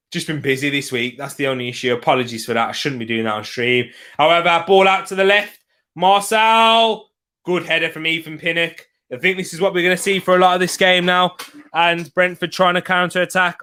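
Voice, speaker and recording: A young man calling a football match live for his stream, his voice bright and fairly high. He gets excitable and loud around the big chances. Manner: excitable, reacting loudly to chances. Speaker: football watch-along streamer. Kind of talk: live match watch-along commentary.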